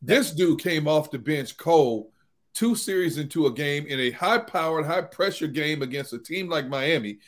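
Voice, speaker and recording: A man co-hosting a sports talk show, teasing his co-hosts in a playful, animated way. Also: fairly high pitch, normal speed. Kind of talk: casual sports chat.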